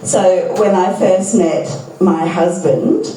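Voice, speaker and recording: A woman's voice: fairly low pitch, slow pace, mellow, heavy reverb, far from the mic, slight background noise, poor audio. A middle-aged woman with an Australian accent doing a stand-up comedy set, telling dry, self-deprecating stories and bantering with the audience. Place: pub comedy gig.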